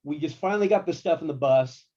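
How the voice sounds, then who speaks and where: A man working as a guitar tech, telling tour stories in a casual, slangy, animated way. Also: a little high, quick pace, lo-fi sound. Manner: animated, laid-back, slangy. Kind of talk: casual storytelling.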